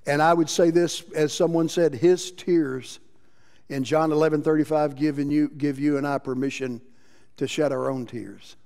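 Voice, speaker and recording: A man preaching a sermon as pastor, impassioned, moving between loud emphasis and quiet passages. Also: on the high side, fairly even intonation, moderate pace, vocal fry. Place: church sanctuary. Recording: long reverb of a church hall.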